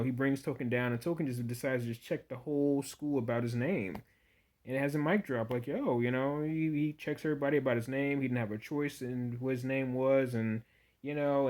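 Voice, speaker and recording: A man's voice: medium pitch, a little mellow. A man giving a casual, rambling spoken review of a TV episode, full of "you know" fillers and restarts.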